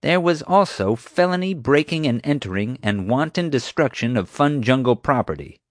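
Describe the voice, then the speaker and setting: A man's voice: mid-range voice, animated, normal speed, dry recording, clean studio sound, voice pushed up, lightly acted. A man voicing a bossy, sneering female park security officer who snaps and accuses. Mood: accusing. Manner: snapping, accusing, sarcastic.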